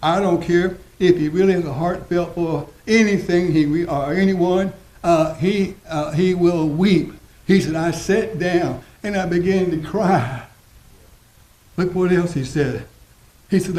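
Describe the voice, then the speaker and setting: A man preaching a sermon as pastor, folksy and repetitive, slowing down to stress his points. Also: sits high, darkish tone. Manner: folksy preaching, repeats phrases, slows for emphasis. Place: church sanctuary. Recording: roomy church echo.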